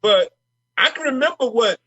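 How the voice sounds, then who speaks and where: A brash man with a high-pitched voice talks with fiery passion, tripping over repeated words as he pushes his point. The sound is dry and close to the mic, with no room around it. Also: expressive, normal speed, pushed and bright, breathy edge, no echo, muffled recording. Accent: Minnesota. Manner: brash, impassioned, repeats words when fired up. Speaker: state representative guest. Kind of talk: casual podcast conversation.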